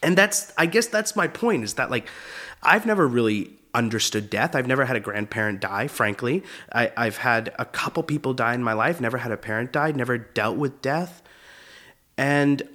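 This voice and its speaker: A man's voice: mid-range voice, animated, moderate pace, a bit bright. A man in his twenties, a comedian hosting his own show, telling rambling stories in a casual monologue, laughing at his own jokes and acting out quotes. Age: 20s. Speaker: comedian host.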